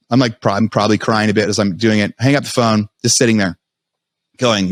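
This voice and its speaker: A man as a podcast guest, telling his story in a fast, animated way with many restarts. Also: on the low side, no room sound, studio quality. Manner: fast, animated retelling with frequent restarts and quoted self-talk.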